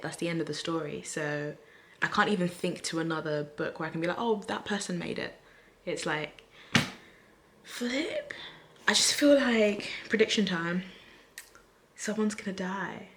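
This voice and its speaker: Excitable, chatty woman vlogger. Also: fairly low pitch, background noise. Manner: excitable and chatty, with gasps and whispered asides. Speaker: book vlogger. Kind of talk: casual reading-reaction vlog.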